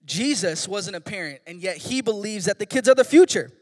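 A man's voice: high voice, a little fast. A young man, a kids pastor, preaching a casual, joking sermon full of slangy stories. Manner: animated, joking, slangy storytelling. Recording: long hall reverb.

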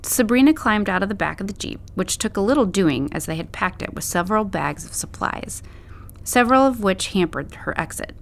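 A woman narrating a story as an audiobook in a steady, measured way. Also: mid-range voice, vocal fry, slight background noise.

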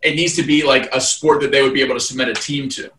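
A man's voice: medium pitch, fairly even intonation, quick pace, sharp tone, a little hiss or hum. A man in his thirties, a guest telling stories in a casual interview, rambling with lots of fillers and restarts. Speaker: guest, fight event promoter. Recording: roomy, distant mic.

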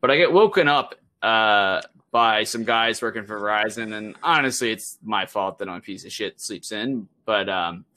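Bright-voiced young man telling a story. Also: lowish voice, normal speed, hardly any pauses. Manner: animated storytelling, swearing, acts out quotes. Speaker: podcast co-host. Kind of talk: casual podcast chat.

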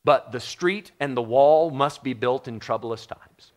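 A man's voice: mid-range voice, a little slow. A middle-aged man from the United States preaching a sermon in a conversational, joking way, often putting questions to the congregation. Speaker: pastor.

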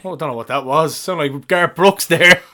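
A man in a loose podcast chat, outspoken and salty. His voice sits a touch high for a man. He talks bluntly and laughs easily. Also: a little fast, bright, forceful tone. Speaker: podcast co-host. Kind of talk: casual sports chat.

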